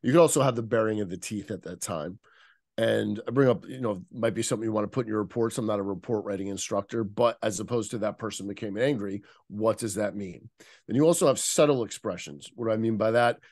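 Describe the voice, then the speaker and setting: A man's voice: on the low side, fast, a little mellow, no echo, studio quality. A man as a podcast guest, explaining like an instructor and stopping to search for the right word. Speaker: interview guest, nonverbal communication instructor. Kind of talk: casual podcast interview.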